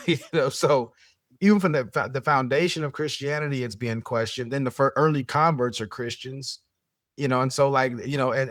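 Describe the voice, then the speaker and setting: A man hosting a casual podcast debate who talks in rapid bursts with many restarts and chuckles. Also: mid-range voice, fairly bright tone, dry recording. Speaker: show host.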